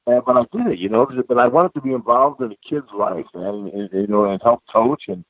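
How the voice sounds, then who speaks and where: An older man tells stories in a loose, animated way, sprinkling in bro and man. His voice comes through a thin, phone-like line with no room sound at all. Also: mid-range voice, a little fast, no echo. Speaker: guest. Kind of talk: casual storytelling chat. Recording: dry tinny phone-like line.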